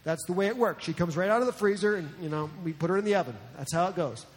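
A man's voice: high-pitched, fast talker. A man from New Jersey preaching a sermon as a pastor, in a conversational, joking way. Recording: long reverb in a large hall.

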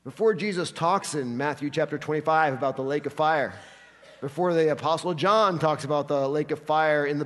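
A man preaching a sermon, acting out quotes with animated delivery in a church hall. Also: a little high. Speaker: pastor. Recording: long hall reverb.

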